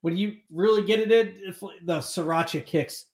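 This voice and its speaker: A man co-hosting a podcast in casual, animated chat, swearing now and then. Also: high-pitched, moderate pace. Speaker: podcast co-host.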